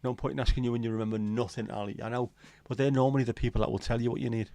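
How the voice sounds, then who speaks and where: A man's voice: medium pitch, fairly even intonation, very fast, mellow, no room sound. A man hosting a casual livestream, rambling and joking with viewers and swearing casually. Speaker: livestream host. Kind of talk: casual chat reading viewer comments.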